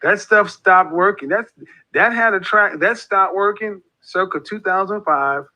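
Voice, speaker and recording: A man's voice: high-pitched, a little slow, pushed and bright. A man giving an impassioned, preachy monologue as an online group leader, repeating his points with emphasis. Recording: dull lo-fi audio.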